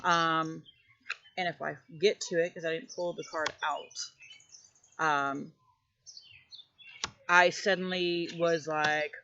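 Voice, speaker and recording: A woman hosts her own channel in a loose, rambling vlog chat full of fillers, recorded outdoors. Her voice has a gravelly, fry-edged texture. The audio is dull and lo-fi, with faint birdsong behind her. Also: low-pitched, steady tone, slow pace, pauses often, noisy background. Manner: rambling, chatty, many fillers. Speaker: tarot channel host. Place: outdoors near her house.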